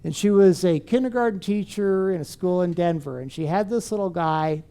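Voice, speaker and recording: A man gives a storytelling talk on helping children solve problems. His voice is mellow and warm, and his delivery is animated, full of questions thrown to the listeners. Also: high-pitched, normal speed, clean tone. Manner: animated storyteller who asks the audience questions. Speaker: speaker on teaching and parenting.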